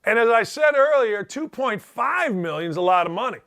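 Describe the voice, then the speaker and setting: A man's voice: very high voice, lively intonation, normal speed, sharp tone. Blunt sarcastic man hosting sports talk. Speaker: sports talk show host. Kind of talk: opinionated talk radio rant.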